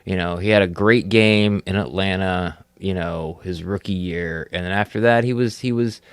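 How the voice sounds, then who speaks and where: A man's voice: sits low, fairly even intonation, normal speed, clean tone, no echo. A man co-hosting a casual sports podcast who rambles, leans on lots of fillers, and laughs easily. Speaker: podcast co-host.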